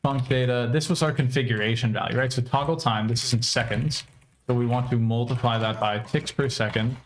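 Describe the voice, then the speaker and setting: A man's voice: mid-range voice, fairly even intonation, fairly quick, slight background noise. A young American man casually thinking aloud while programming on a livestream, with many fillers. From United States. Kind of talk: casual live coding commentary.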